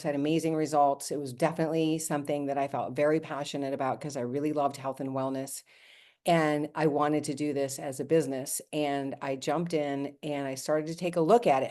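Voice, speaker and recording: This fifties-aged woman leads a network marketing team and recounts her experience animatedly during a team call. She speaks at a moderate pace in a low-pitched voice, performing quotations and speaking right to the people listening.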